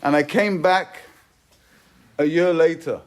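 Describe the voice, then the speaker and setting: A man with a somewhat high voice gives a Torah class as a rabbi. He retells an old story emphatically, his loudness swinging from hushed to forceful. He weaves Hebrew and Yiddish terms through his English. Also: slow. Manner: emphatic, swings between loud and soft. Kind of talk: sermon.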